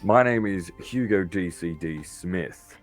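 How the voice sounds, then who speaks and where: A man's voice: sits low, slow, soft background music. A man voicing a polite young nobleman who speaks courteously and formally.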